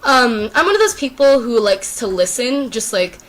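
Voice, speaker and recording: A woman's voice: on the high side, very animated, normal speed. Sick teenage girl rambling to camera. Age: teens. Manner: rambling, self-deprecating, many fillers. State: sick, sore throat. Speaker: YouTuber. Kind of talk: casual unscripted chat to camera.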